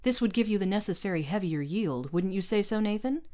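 A woman's voice: mid-range voice, expressive, a little fast, dark tone, pitched above the performer's own voice, natural voice. A woman voicing a stern, arrogant male space captain who speaks in a cold, condescending way in a storybook reading. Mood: lecturing.

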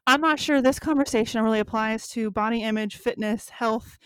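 Woman in her thirties, higher voice, dry close sound; rambling, self-deprecating co-host in casual chat. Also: a little fast, fairly bright tone, smooth, no room sound. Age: 30s. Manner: rambling, self-mocking, laughs often. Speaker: podcast co-host. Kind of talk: casual chat between friends.

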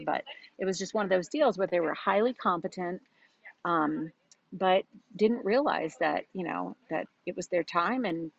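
A chatty woman coaches her team, her lowish voice gravelly with fry. She slips into bubbly quoted asides. The audio is dull and lo-fi. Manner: chatty, animated, laughs often, quotes herself in bubbly voice. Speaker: business coach. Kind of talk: casual coaching talk.

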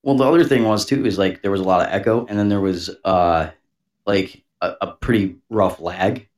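A man co-hosting a podcast, talking casually in a halting way with many restarts. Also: on the low side. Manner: halting, full of "you know" and restarts. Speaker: podcast co-host. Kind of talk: casual chat.

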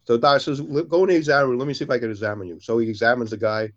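Man telling jokes, dull lo-fi sound. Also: very fast. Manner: animated storyteller, jumps higher for characters' lines. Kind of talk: casual joke telling.

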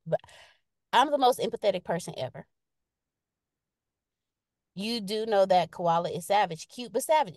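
Woman on a podcast, aave, real animated and up and down, reading chat comments, dry close sound. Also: on the low side, dry recording. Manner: lively, expressive, reads viewer comments aloud. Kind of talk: casual live-stream chat.

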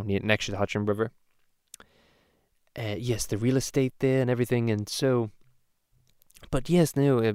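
A man's voice: lowish voice, clean tone, no room sound, clean studio sound, natural voice. A man playing a crude cartoon baby boy in a parody podcast, rambling through stories with lots of swearing and restarts. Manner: rambling storyteller, swears a lot, many restarts. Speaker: podcast host. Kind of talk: casual parody podcast chat.

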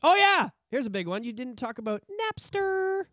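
A man co-hosting a casual podcast, talking in a loud, profane and animated way, often breaking into shouts. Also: extremely high pitch, normal speed, no room sound, studio quality. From Canada. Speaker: podcast co-host.

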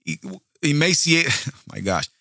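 A man's voice: a little high, big pitch swings, unhurried, creaky, pushed and bright, no room sound, studio quality. A man hosting a true-crime show, reading the case aloud and breaking off into blunt, profane asides to his listeners. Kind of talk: true-crime narration with commentary.

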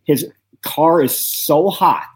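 Ohio co-host, husky mid-pitched voice, animated profane storyteller. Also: takes it slowly. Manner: animated, swears, acts out quotes. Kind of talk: casual storytelling chat.

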